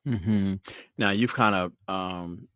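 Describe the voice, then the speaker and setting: A man in his fifties from Brooklyn, hosting a podcast and telling personal stories in a reflective, relaxed way. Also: deep voice, slow pace, clean tone, dry recording, studio quality. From Brooklyn, New York. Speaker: podcast host. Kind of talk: conversational interview.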